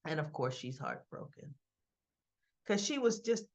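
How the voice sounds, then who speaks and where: Her voice sits low and a little mellow, very animated yet a bit slow, as she wanders through soap opera recaps at home with her dog. She keeps asking "right?" along the way, in a slightly dull lo-fi recording.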